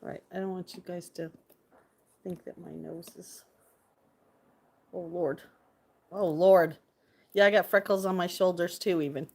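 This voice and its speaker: A woman's voice: fairly low pitch, fairly even intonation, normal speed, creaky, pauses often. A woman chatting playfully to her viewers on a casual livestream, thanking them and talking about the birds outside. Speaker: livestream host.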